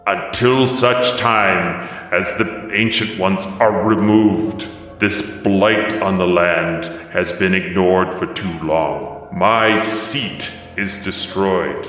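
A man voicing a vengeful warrior goddess, speaking deep, slow and booming. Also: fairly bright tone, very echoey, big-room sound, faint music behind. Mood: wrathful.

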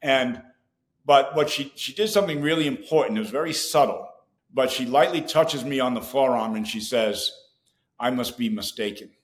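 A man, a podcast guest, telling a personal story in an animated way and acting out his own past dialogue. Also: medium pitch, normal speed, echoey room.

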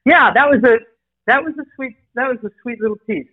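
A woman's voice: fairly high pitch, a little fast, slightly rough, dull audio. A woman in her sixties, a guest tennis commentator, talking reflectively and affectionately in a casual conversation.

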